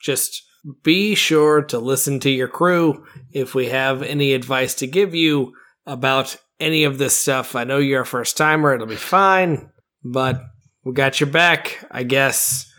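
A man's voice: medium pitch, a little slow, pushed and bright. A man speaking as his crewmate character in a tabletop game, offhand and reassuring. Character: gruff, supportive male crewmate. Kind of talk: tabletop role-play in character.

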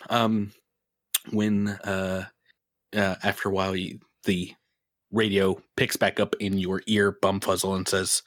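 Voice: low-pitched, flat delivery, takes it slowly, no room sound, clean studio sound. A game master narrating a tabletop role-playing game in a playful, amused way.

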